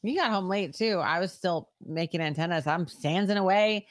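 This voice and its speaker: A woman's voice: fairly low pitch, normal speed, no echo, clean studio sound. An American woman co-hosting a podcast, chatty and teasing, chiming in during casual chat. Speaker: podcast co-host.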